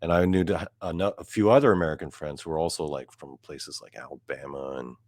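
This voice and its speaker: A man's voice: very deep voice, a little fast, a little mellow, no echo. A young man from South Korea doing a profane, mock-boastful stand-up rant, quoting his friends in asides. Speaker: comedian.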